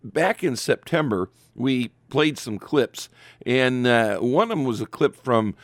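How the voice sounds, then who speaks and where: A man's voice: medium pitch, expressive, unhurried, no room sound. A man hosting an opinionated commentary monologue, sarcastic and full of fillers and restarts. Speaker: commentary show host.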